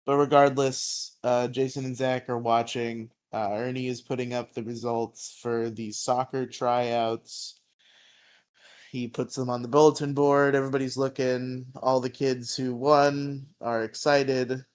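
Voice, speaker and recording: A man's voice: medium pitch, level tone, measured pace, clear, resonant tone. A man co-hosting a podcast, recapping a TV episode in casual, rambling talk with lots of fillers and laughs. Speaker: podcast co-host.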